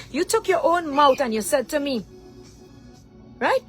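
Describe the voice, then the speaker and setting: A woman's voice: high-pitched, lively intonation, moderate pace, pauses often, soft background music, low-quality recording. A middle-aged woman, speaking as a mother in an angry direct-to-camera rant. She is confrontational and keeps throwing rhetorical questions. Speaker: mother addressing her daughter.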